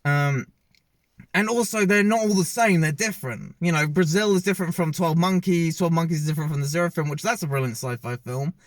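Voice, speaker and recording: A man's voice: fairly high pitch, a little fast, no echo. A man giving a casual, opinionated film review, rambling and often correcting himself mid-sentence as he films himself. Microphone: self-filmed camera.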